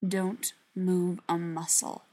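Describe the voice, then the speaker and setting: A woman voicing a commanding, teasing male vampire who speaks slowly and gives orders. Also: medium pitch, wildly swooping pitch, vocal fry, husky, exaggerated voice.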